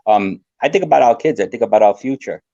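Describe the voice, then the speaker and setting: A man's voice: on the low side, animated, fast talker, creaky, mellow, no echo. An older man, a guest survival expert, talking earnestly and rambling in a casual podcast chat. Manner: earnest, rambling, repeats himself. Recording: dry, dull lo-fi sound.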